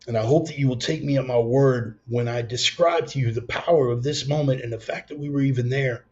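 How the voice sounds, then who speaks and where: A man's voice: mid-range voice, steady tone, fairly quick. A man preaching a raw, profane storytelling sermon, blunt and intense. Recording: slightly dull lo-fi sound.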